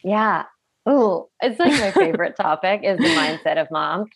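A woman's voice: mid-range voice, normal speed, slight background noise. A middle-aged woman, a parenting coach, talking in a podcast interview and acting out parents' voices as she explains. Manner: animated, acts out parents' voices in quotes.

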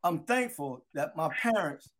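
Against some background noise, a man in his sixties talks at a measured pace in a fairly high voice. Catching up casually with old friends, he tells animated stories about his youth and acts out what people said.

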